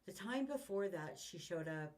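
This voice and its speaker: A woman's voice: fairly low pitch, animated, normal speed. A woman in her fifties venting in a rambling, frustrated way, swearing often, with her mic set far away. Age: 50s. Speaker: vlogger. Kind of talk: casual venting monologue.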